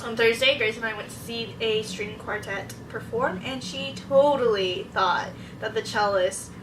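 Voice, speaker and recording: A woman's voice: a little high, moderate pace, noisy background. A young woman, a college student, telling stories about her week in a casual rambling vlog and acting out her own reactions. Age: young adult. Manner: excitable storytelling, acts out her own reactions. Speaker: vlogger. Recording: echoey room, mic at a distance.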